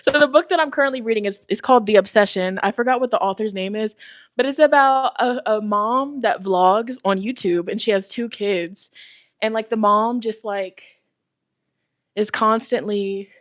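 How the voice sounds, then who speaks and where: Walking around her home, a woman who reads tarot and hosts spiritual streams talks casually with viewers, breathless, giggly and chatty. She holds her phone mic close; her medium-pitched voice moves at normal speed with no room sound.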